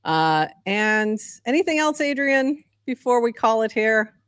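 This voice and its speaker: A woman's voice: fairly high pitch, very animated, a little slow, a bit bright, clean tone, dry recording, clean studio sound. A woman from southeastern Massachusetts co-hosting a podcast in casual chat, rambling and chatty with lots of fillers. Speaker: co-host.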